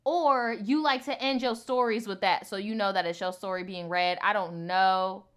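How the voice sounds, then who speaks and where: A woman's voice: mid-range voice, fairly even intonation, moderate pace, smooth. A woman hosting a storytime video, reading viewer stories aloud and chatting bluntly to her viewers, with plenty of swearing. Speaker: storytime host.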